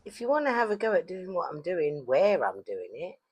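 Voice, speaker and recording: A woman's voice: lowish voice, sing-song, a little fast, muffled recording, loud music behind the voice. A woman potter narrating her own pottery vlog in a chatty, playful way, dropping jokey asides as she goes. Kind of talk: casual vlog voice-over narration. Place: Saint Lucia.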